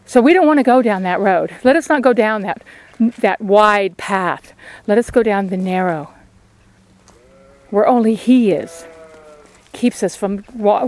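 A woman's voice: on the high side, a little mellow, no echo. A woman giving an outdoor devotional sermon beside a sheep paddock, in an earnest, pleading way of exhorting. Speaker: lay preacher.

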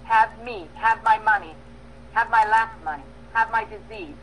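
A woman preaching a sermon, emphatic, with bursts of loud stress and soft pauses, acting out prayers and dialogue. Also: medium pitch, slight background noise, rough recording. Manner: acts out prayers and quoted dialogue.

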